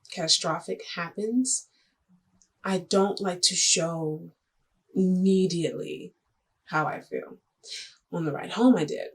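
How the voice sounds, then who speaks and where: A young woman with a husky, slightly low voice tells a personal story straight to the camera. Her delivery is chatty and a little dramatic, with jokey asides and quick shifts. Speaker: vlogger.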